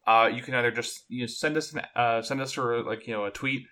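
A man's voice: medium pitch, fairly quick, pushed and bright. A man co-hosting a podcast in casual chat, chatty and repeating words as he thinks aloud. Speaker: podcast co-host.

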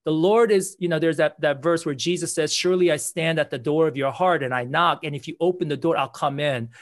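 A man's voice: on the high side, fairly quick. Earnest man telling faith stories. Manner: earnest, repeats words, acts out quoted dialogue. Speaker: pastor. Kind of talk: testimony storytelling in conversation.

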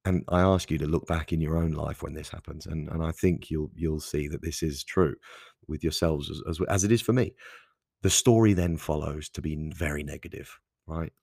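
A podcast host with a gravelly, husky low voice and a darkish tone speaks steadily at normal speed. His solo monologue is candid and conversational, full of restarts and asides. The sound is clean studio audio with no echo.

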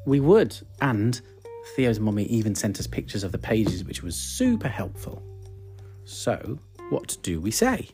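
A dad reads a bedtime picture book aloud, playful and encouraging, with a lively voice. Faint music plays behind him at home. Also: male voice, fairly low pitch, a little slow. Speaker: dad reading stories with his daughter.

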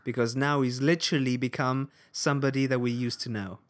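A man's voice: medium pitch, steady tone, a little fast. A man co-hosting a podcast in casual banter, easygoing, laughing often and trailing off mid-sentence. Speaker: podcast co-host.

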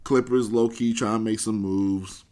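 A man's voice: lowish voice, fairly even intonation, measured pace, warm tone. A man talking casually on a podcast, rambling and swearing freely in a laid-back way.

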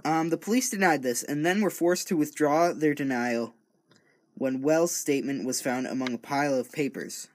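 A man's voice: on the high side, moderate pace. A man casually reading a true-crime account aloud, often stumbling over words, correcting himself and breaking off into joking asides. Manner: stumbling, self-correcting, rambling. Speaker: true-crime reader and commentator. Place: home recording studio.

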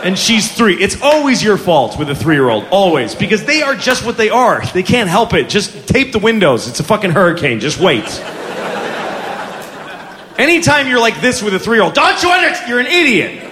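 A man's voice: high-pitched, sing-song, normal speed, in a large hall. Exasperated profane stand-up man. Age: 40s. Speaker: stand-up comedian. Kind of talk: stand-up comedy. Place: comedy club stage. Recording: live audience laughter, noisy club.

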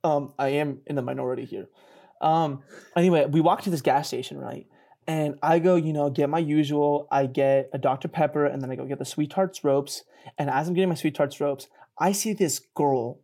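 A young man telling a story in a casual podcast chat. He mocks himself, laughs often and jumps up in pitch when he gets excited. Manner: animated, self-mocking, laughs often and jumps higher in pitch. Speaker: podcast co-host.

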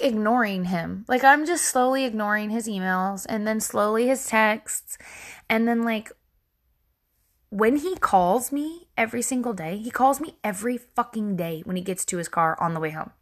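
A woman's voice: on the high side, unhurried. A woman in her thirties hosting a podcast, telling a candid personal story in a self-deprecating way, swearing freely and laughing at herself. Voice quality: bright, chatty, swears freely. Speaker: podcast host.

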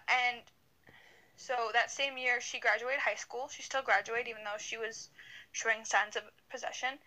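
Young woman podcast co-host, bright and a bit high, chatty and rambling, on a video call. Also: rough recording. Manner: rambling, many fillers and restarts. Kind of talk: casual storytelling chat.

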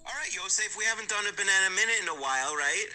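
A man's voice: sits high, lively intonation, rapid-fire, pushed and bright, faint music behind, pitched above the performer's own voice, exaggerated voice. A man speaking in an exaggerated sing-song baby voice to a small child in a home clip.

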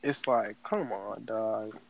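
A man co-hosting a podcast in animated, joking chat, slipping into mocking voices. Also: lowish voice, slow pace, vocal fry, no room sound, poor audio. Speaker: podcast co-host. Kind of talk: casual chat.

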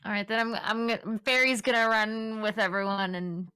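Bright, playful woman at a game table. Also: medium pitch, moderate pace, smooth. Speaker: player. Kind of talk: casual tabletop game chat.

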